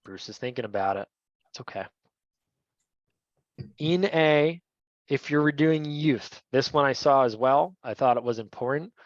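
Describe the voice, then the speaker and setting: A man's voice: mid-range voice, unhurried, pauses often, dry recording. A man teaching a referee training session in a conversational way, often checking in with "right?". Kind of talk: training lecture. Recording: dull, dry lo-fi sound.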